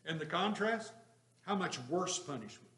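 Lively man teaching a Bible class in an echoey room. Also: high voice, normal speed. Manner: lively, questioning the class, emphatic with chuckles. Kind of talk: interactive Bible study lesson.

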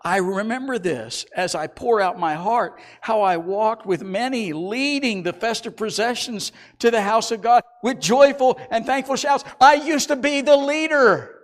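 A middle-aged male pastor preaching a sermon and reading scripture aloud, swinging between loud emphatic lines and quiet low passages. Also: a little slow, few pauses.

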